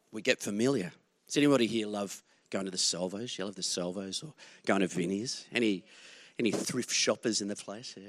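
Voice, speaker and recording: A man's voice: fairly low pitch, fairly bright tone, no echo. A man in his forties with an Australian accent, preaching as a guest speaker in a conversational storytelling way, chuckling through his anecdotes. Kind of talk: sermon with personal storytelling.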